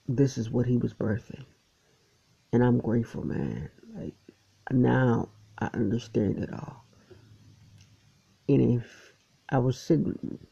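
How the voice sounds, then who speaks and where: Earnest male storyteller with a husky, gravelly tone, emotional and halting, muffled lo-fi sound. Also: mid-range voice, dark tone. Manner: earnest, emotional, repeats and restarts phrases. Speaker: poet sharing testimony. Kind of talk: personal storytelling. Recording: dull lo-fi recording.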